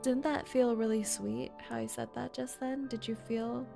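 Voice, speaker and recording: A woman's voice: a little high, little pitch movement, moderate pace, gravelly, mellow, faint music behind. A woman streaming a game, chatting in a giggly, playful, teasing way. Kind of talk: game livestream commentary.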